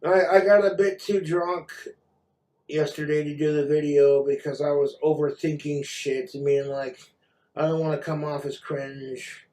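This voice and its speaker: A man's voice: a little high, level tone, unhurried, a little mellow. A man vlogging in a rambling, profane rant while he has been drinking. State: drinking, tipsy.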